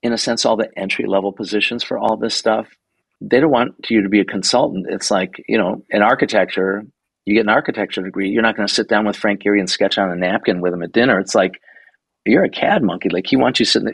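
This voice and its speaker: A man in his sixties, a guest photographer telling stories in a casual interview, animated, swearing freely and acting out the people he quotes. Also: on the low side, fast, creaky, slightly rough, dry recording, poor audio. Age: 60s.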